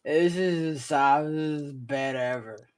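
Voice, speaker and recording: A woman voicing a very drunk male adventurer in a tabletop game, slow and slurred. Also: sits low. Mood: sleepy.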